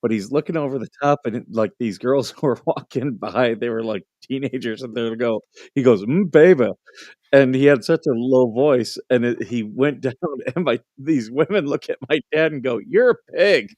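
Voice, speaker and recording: A man's voice: mid-range voice, normal speed, darkish tone, no echo, highs cut off. A man hosting a livestream, chatting casually and telling funny stories with frequent laughter. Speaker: livestream host. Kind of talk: casual chat and storytelling.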